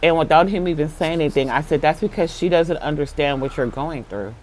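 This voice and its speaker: An excitable vlogger recounting a spiritual encounter to viewers, dropping to a hush, then bursting out loud and laughing. Talk is loose and full of fillers like "like" and "um", with frank, casual swearing. The voice sits at a middling pitch. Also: brisk, a little hiss or hum. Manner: filler-heavy, lots of "like".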